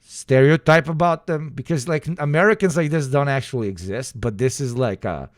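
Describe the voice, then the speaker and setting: A man with a Balkan accent, a streamer talking casually to chat, loud and profane with frequent laughing. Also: normal speed, no room sound, studio quality. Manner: loud, profane, laughing, swings into high outbursts.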